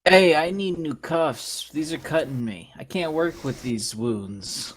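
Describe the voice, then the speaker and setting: A man's voice: a little high, slow, slight background noise, voice pushed up. A man doing a whiny weak prisoner. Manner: whining, drawn out.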